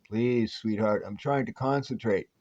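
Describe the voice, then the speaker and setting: A man's voice: lowish voice, a little slow, a little mellow, muffled recording. A man reading as a wisecracking hero detective. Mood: breezy. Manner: breezy, jokey delivery. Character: stretchy male superhero detective, wisecracking and upbeat.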